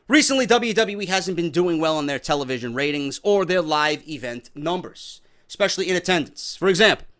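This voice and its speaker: A man's voice: sits high, a bit bright. A man giving wrestling news commentary, sliding into heated, profane, sarcastic rants.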